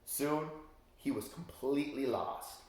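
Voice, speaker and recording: A man's voice: medium pitch, slow, darkish tone. A man reading a children's story aloud as a teacher, with chatty asides to his young listeners. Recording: very echoey room.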